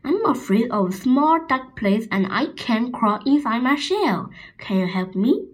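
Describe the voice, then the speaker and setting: A woman's voice: fairly high pitch, big pitch swings, unhurried. A woman reading a storybook, voicing a small, timid boy turtle who politely pleads for help.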